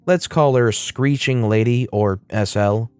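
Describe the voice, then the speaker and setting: A man's voice: medium pitch, measured pace, darkish tone, smooth, no room sound. A man reading online stories aloud in a casual way, dropping wry asides. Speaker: story narrator.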